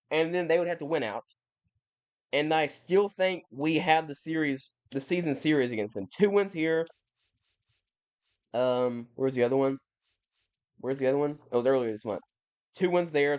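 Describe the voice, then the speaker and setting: A young man giving casual, rambling commentary over a video game, often correcting himself and sounding mildly exasperated. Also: fairly high pitch. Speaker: gaming YouTuber.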